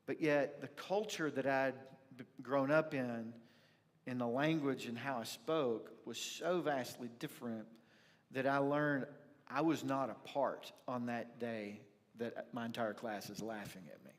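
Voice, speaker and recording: A man preaching a sermon as the church's pastor, telling a personal story with reflective pauses. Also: mid-range voice. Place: church sanctuary. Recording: church livestream with long hall reverb.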